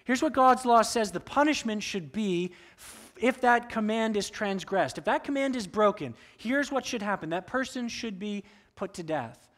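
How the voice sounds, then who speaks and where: A male pastor preaching from the pulpit of a church. His voice sits a little high, and his delivery is expressive as he acts out the voices in the quotes he tells. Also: normal speed, hardly any pauses. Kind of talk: sermon. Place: church sanctuary.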